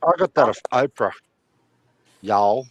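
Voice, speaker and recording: A man's voice: mid-range voice, animated, measured pace, husky, no room sound. A man joking and mocking his friends in a casual group voice chat. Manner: playful, mocking.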